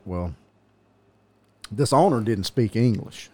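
A man's voice: on the low side, animated, measured pace, long pauses, mellow, slightly rough. A police officer telling a meandering anecdote in casual chat, often chuckling as he goes.

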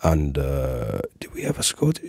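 A man's voice: extremely low pitch, wildly swooping pitch, a little slow, creaky, darkish tone, husky, no echo, studio quality. A young man who does voiceover and sound editing, talking casually and laughing easily as he slips into accent impressions. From Cyprus. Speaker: voiceover artist and sound editor. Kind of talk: casual conversation.

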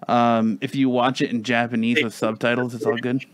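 A man's voice: medium pitch, flat delivery, brisk, a bit bright. A man in casual conversation, rambling and restarting his sentences often, with the odd swear word. His voice sits in a middle register. The sound is dry and close, with no room echo. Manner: rambling, frequent restarts and fillers, mild swearing. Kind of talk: casual chat.

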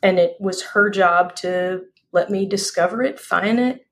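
A woman's voice: lowish voice, measured pace, a little hiss or hum. Emphatic woman, folksy guest. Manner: folksy, emphatic, repeats phrases for effect. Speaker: podcast guest, speaker. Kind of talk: casual interview chat.

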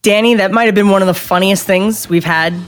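A woman's voice: medium pitch, steady tone, a little fast. A woman co-hosting a podcast, giving blunt, opinionated takes and swearing freely. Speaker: podcast co-host. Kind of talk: casual podcast chat.

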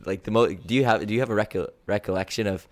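A young man co-hosting a casual chat, asking the others relaxed questions. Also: lowish voice, fast. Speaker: podcast co-host.

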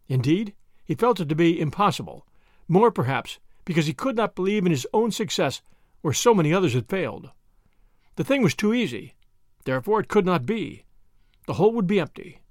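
A man narrating an audiobook in an expressive storytelling manner. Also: high-pitched, brisk, no room sound, clean studio sound. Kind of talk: scripted narration.

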